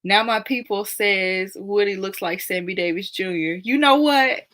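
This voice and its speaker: Bright-voiced chatty woman host. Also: mid-range voice, normal speed. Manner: chatty, laughs often, reacts to comments aloud. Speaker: live stream host. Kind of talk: casual live chat reading viewer comments.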